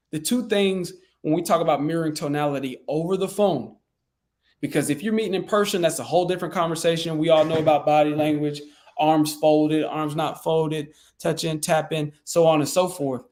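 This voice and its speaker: A man's voice: fairly high pitch, darkish tone. A man coaching real estate sales in a loose, conversational way with frequent fillers and restarts. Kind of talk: casual teaching talk.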